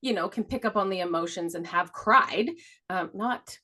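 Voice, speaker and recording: A woman's voice: lowish voice, normal speed, sharp tone. A middle-aged woman co-hosting a podcast, telling a story in a rambling way, laughing often and swearing casually. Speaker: podcast co-host. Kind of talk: casual chat.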